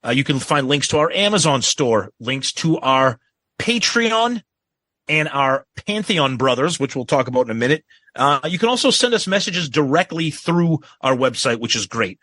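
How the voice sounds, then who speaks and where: A man co-hosting a podcast in casual chat, emphatic, quick to agree and add asides. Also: mid-range voice, sing-song, bright, forceful tone, no room sound. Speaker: podcast co-host.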